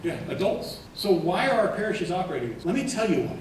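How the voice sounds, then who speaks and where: Man giving a keynote in a big hall, lively, asks the crowd stuff, lots of echo, mic kinda far. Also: sits high, fast, a little hiss or hum. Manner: animated, asks the audience questions. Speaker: keynote speaker. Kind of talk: conference talk. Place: large conference hall.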